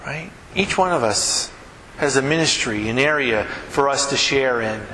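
A man preaching in a church, his voice bright and forceful as he tells stories, climbing up in pitch when he gets worked up. The sound is roomy with a long hall reverb and a faint murmur of ambience behind him. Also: normal speed, slight background noise. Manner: animated storyteller, voice climbs high when excited. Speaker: pastor. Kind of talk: sermon.

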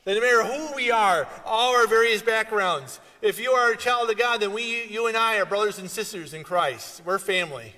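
Male pastor, high and bright, lively storyteller, long hall reverb. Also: moderate pace, few pauses. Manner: storytelling, animated with sudden loud outbursts. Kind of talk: sermon.

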